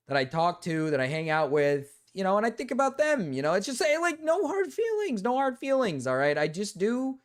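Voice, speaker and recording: A man streaming live, chatting casually with his viewers, animated and swearing freely while repeating himself. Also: high voice. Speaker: streamer reacting to chat. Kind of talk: casual livestream chat.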